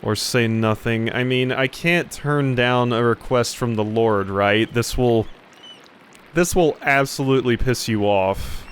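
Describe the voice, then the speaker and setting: A young man playing a game, reading its dialogue aloud and adding sarcastic commentary with sudden loud outbursts. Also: mid-range voice, a little slow, a little hiss or hum. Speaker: let's play commentator.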